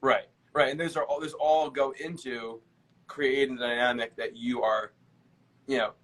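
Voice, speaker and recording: A man's voice: mid-range voice, fairly even intonation, normal speed, fairly bright tone, poor audio. Reflective male podcast host. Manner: reflective, paraphrases guest, hesitant fillers. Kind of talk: casual podcast chat.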